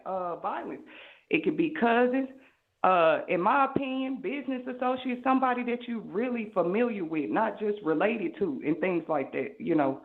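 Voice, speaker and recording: A woman with a Southern US accent calling in to a talk show and speaking in a preachy, rambling way. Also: mid-range voice. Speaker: caller. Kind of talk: call-in monologue. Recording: tinny phone line.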